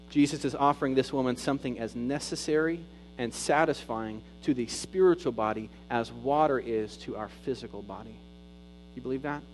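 A man preaching a sermon as pastor, rising to loud emphatic peaks and dropping to soft, intimate retelling. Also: mid-range voice, slight background noise, rough recording.

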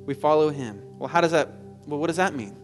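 A man's voice: fairly high pitch, expressive, a little fast, soft background music. A man preaching a sermon in an earnest manner, rising at times to fervent exclamation. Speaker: pastor.

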